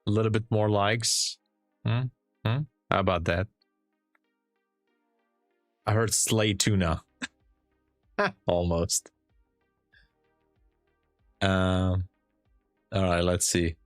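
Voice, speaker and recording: A man from Hungary with a Hungarian accent, chatting with viewers and calmly explaining charts as a day trading streamer. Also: sits low, extremely slow, pauses often, no echo, studio quality, faint music behind. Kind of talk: live-stream chat and trade commentary.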